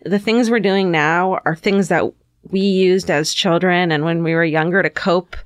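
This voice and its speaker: A woman's voice: on the low side, steady tone, moderate pace, dry recording, studio quality. A woman co-hosting a podcast in casual, candid conversation, swearing freely and laughing often. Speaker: podcast co-host. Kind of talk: casual chat.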